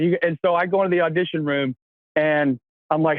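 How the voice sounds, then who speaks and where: Fast-talking man on a tinny line. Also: on the high side, dry recording. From Kentucky, USA. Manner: energetic, rambling, laughs at his own stories. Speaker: guest, actor. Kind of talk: casual storytelling chat. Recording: tinny phone-like line, dry.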